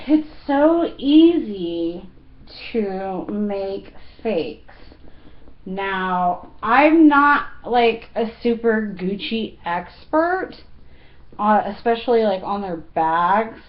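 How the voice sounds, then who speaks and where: Woman in her 30s, chatty vlog, slow unhurried talk, muffled lo-fi sound. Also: mid-range voice. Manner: chatty, giggly, lots of fillers. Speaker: fashion vlogger. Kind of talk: casual chat.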